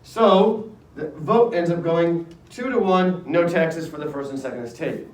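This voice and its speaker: A middle-aged teacher tells history to his class as a casual, jokey story and keeps breaking into voices for its people. His voice sits a little high for a man. It is picked up from across the classroom, with plenty of echo off the walls. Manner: jokey storytelling, acts out quick character voices. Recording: echoey classroom, voice from far off.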